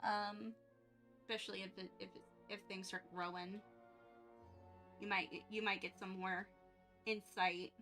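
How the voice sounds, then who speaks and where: A woman art streamer chatting casually with viewers on a livestream, excitable and rambling, often restarting her sentences. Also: medium pitch, measured pace, pauses often, soft background music.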